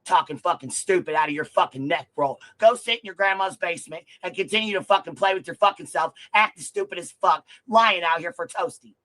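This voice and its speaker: Angry swearing man with a higher voice. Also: a little fast, hardly any pauses, pushed and bright. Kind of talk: angry rant on a livestream.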